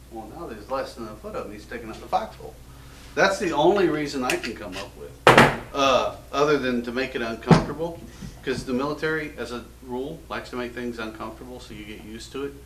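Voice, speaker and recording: A man's voice: medium pitch, brisk, background noise. An American man hosting a casual gun show, joking and rambling in a self-mocking way. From United States. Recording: roomy echo from a distant mic.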